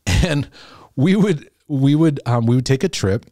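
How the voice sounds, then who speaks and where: Warm in tone and medium in pitch, this middle-aged host, formerly a youth pastor, talks animatedly but without hurry to a camera in front of him. The studio-quality recording has no echo, and he reflects casually, often repeating himself, restarting phrases, and chuckling.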